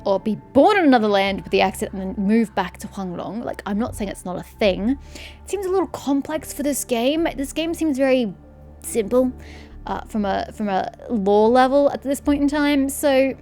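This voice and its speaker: A woman playing a video game and commentating casually, sarcastic and quick to swear, reading the on-screen text aloud. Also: mid-range voice, darkish tone. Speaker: let's-play streamer.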